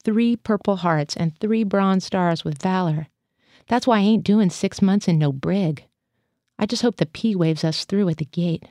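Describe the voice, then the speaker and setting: A woman's voice: mid-range voice, measured pace, mellow, no echo, clean studio sound, lightly acted. A woman voicing a restless, talkative AWOL male Marine veteran with a blunt, profane way of talking. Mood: chatty.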